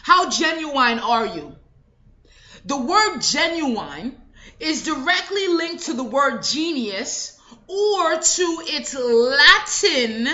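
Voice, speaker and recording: A woman delivers an emphatic motivational speech in a bright, high voice that swings widely in pitch. She repeats affirmations at a slow, deliberate pace. The recording sounds dull and lo-fi. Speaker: motivational speaker.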